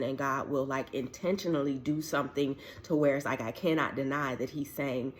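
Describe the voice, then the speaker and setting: Low-pitched woman chatting through a heartfelt testimony, acts out the people she quotes. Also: steady tone, moderate pace, hardly any pauses, slight background noise. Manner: chatty, filler-heavy, acts out quoted dialogue; earnest and heartfelt. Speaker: widowed mother sharing a faith testimony. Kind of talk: casual personal testimony.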